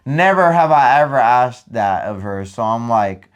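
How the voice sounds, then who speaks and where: A young man telling a story in casual chat, animated and full of profane slang. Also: medium pitch, unhurried, clean tone. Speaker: podcast co-host.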